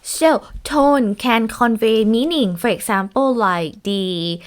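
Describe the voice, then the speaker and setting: Woman giving a lecture, slow, kinda high voice, lots of ums and restarts. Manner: halting, many fillers and restarts. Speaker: teacher.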